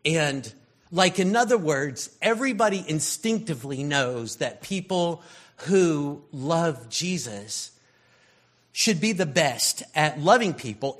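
A man giving a conversational sermon, telling stories in a loose, rambling way with lots of fillers. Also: fairly high pitch. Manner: rambling, storytelling, frequent fillers. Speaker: preacher.

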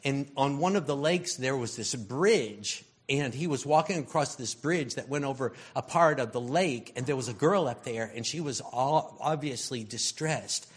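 A man's voice: mid-range voice, normal speed, few pauses, slightly rough. A man giving a conversational sermon, telling stories in a loose, rambling way with lots of fillers. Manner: rambling, storytelling, frequent fillers. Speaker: preacher.

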